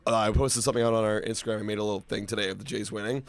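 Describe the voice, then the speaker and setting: A man in his twenties co-hosting a casual sports chat show, excitable and swearing, his voice jumping up when he gets worked up. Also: lowish voice, rapid-fire, no room sound. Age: 20s. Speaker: co-host.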